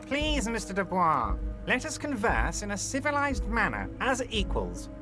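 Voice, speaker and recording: An actor playing a heavyset male union boss in a video game, genial and smooth but manipulative. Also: sits high, huge pitch swings, moderate pace. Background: game music.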